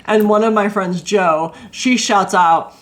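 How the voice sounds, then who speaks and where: A woman co-hosts a podcast, recounting a story in casual chat. She talks in an animated, excitable way with plenty of "like"s. Her voice sits at a middle pitch. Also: unhurried. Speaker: podcast co-host.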